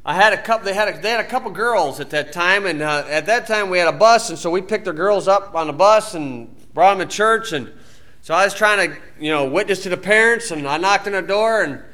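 A man preaching in a high, ringing voice that carries a lot of brightness. He is a Baptist preacher from the United States, and his talk is loose and sermon-like. His speech is homespun and full of everyday, ungrammatical turns. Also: brisk. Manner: folksy, plain-spoken, colloquial grammar. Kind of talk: informal sermon-style teaching.

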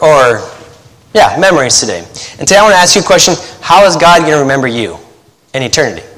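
A man, a pastor and missionary, preaching a sermon in a chatty way, laughing at his own stories and habitually talking fast while trying to slow down. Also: a little high, fairly bright tone, big-room sound. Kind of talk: sermon with joking asides.

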